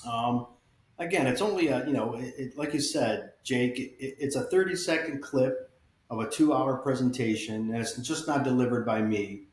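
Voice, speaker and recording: A middle-aged man with an upstate New York accent, a guest on an interview who talks in a relaxed, plain-spoken way and pokes fun at himself. His voice is at an ordinary pitch and sounds a little roomy, as if recorded in an echoey space. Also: moderate pace. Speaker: fire battalion chief, guest. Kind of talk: casual interview chat.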